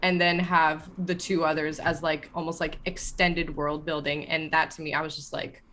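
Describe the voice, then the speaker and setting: Woman gushing and rambling in a chat, kinda low but really bright voice. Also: normal speed, a little hiss or hum. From Canada. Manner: excited, rambling, swears freely. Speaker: tabletop game player. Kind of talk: casual chat.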